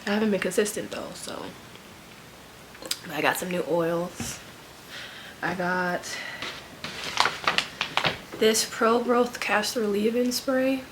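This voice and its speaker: A woman's voice: mid-range voice, steady tone, takes it slowly, long pauses, background noise. Stuffy-nosed woman chatting casually. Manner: rambling, filler-heavy, laid-back. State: stuffy nose. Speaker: vlogger, full-time nurse. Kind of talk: casual haul chat.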